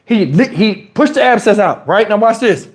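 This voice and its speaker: A man telling a story on a livestream in an animated, profane way, his pitch swinging dramatically, on a lapel mic. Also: moderate pace. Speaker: storytime streamer. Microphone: wireless lapel mic.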